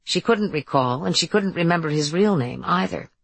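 Woman audiobook narrator, low, gravelly, measured. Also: expressive, no echo. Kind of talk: scripted narration.

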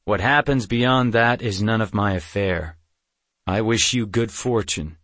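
A man's voice: on the low side, unhurried, a bit bright, dry recording. A man voicing a grim antlered male beast-man chieftain who speaks in cold, formal sentences. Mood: stern.

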